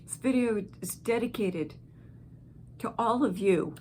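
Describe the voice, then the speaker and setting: A woman hosting her own channel, speaking slowly, gently and from the heart to viewers who are going through an illness. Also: on the high side, slight background noise. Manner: slow, gentle and heartfelt, with pauses. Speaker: channel host. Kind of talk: encouraging direct-to-camera talk.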